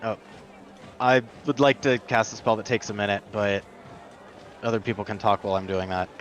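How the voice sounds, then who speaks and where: A man's voice: fairly low pitch, normal speed, slight background noise, poor audio. A man taking part as a player, hesitant with many ums. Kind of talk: tabletop game play.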